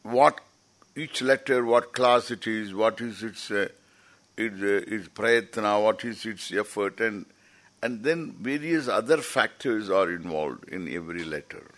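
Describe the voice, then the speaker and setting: A man's voice: fairly low pitch, measured pace, a bit bright. A man giving an informal, rambling lecture as a teacher at a scripture camp, often restarting his sentences. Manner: rambling, explanatory, with frequent restarts.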